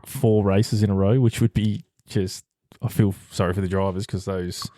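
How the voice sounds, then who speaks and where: Man, low voice, podcast co-host, casual chat, swears freely, laughs a lot, dry close sound. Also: steady tone, normal speed, dark tone, no room sound.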